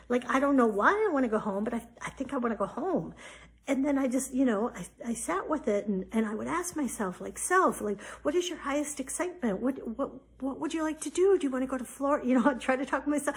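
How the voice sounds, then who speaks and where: A woman in her forties talks in a fairly high voice, casual and chatty, peppering her story with fillers. She grows animated as she retells moments from her life on her podcast. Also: a little fast, slightly rough. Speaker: podcast host. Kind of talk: personal story, casual spiritual talk.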